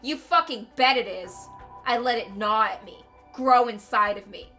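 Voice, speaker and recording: A woman's voice: fairly high pitch, moderate pace, sharp tone, soft background music. A woman voicing a vengeful male ex-convict from a game, taunting and sneering with mock sweetness that turns to snarling threats. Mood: menacing. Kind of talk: reading a game aloud with voices.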